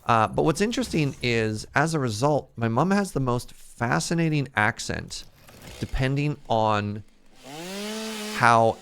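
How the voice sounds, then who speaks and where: A man hosting a casual gaming stream, chatty and quick to laugh as he tells stories. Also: medium pitch, fairly bright tone, smooth. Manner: laughs easily, chatty storytelling. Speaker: streamer host. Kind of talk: casual chat while gaming.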